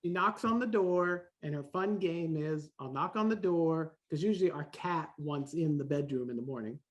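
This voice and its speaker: A man in his forties, a podcast guest, talking in a lively way and acting out the voices he quotes. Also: on the high side, normal speed. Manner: animated, acts out quoted voices. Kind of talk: casual conversation.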